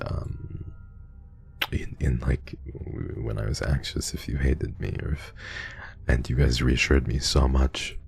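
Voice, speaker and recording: A man streaming, chatting casually and reading donations with a halting, stammering, heartfelt manner. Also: extremely low pitch, creaky, darkish tone, husky.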